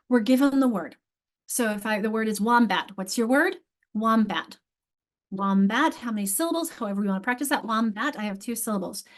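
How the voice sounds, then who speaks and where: Woman teacher explaining stuff on a slide, keeps restarting and fixing herself, middle-aged. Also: medium pitch. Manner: explanatory, self-correcting with frequent restarts. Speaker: literacy teacher leading a training session. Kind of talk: online teacher training workshop.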